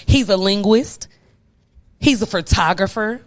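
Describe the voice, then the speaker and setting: A young woman hosts a casual podcast chat at an ordinary pitch. She talks in an animated, emphatic way and swears freely. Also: unhurried. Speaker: podcast host.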